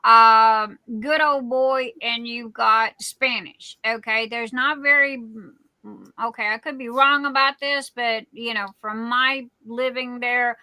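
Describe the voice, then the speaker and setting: A middle-aged woman with a Cajun accent hosts a casual live chat, taking her time and circling back with fillers and restarts. Her voice is bright and clear, set close in a dry space. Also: a little high, fairly even intonation, slow, no room sound, poor audio. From Louisiana. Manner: rambling, many fillers and restarts. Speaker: livestream host.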